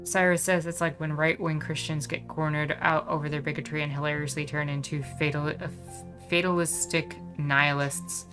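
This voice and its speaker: A low-voiced woman chats casually over her game stream, dropping wry, joking asides to her viewers. Soft game music runs faintly underneath. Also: little pitch movement, moderate pace, few pauses.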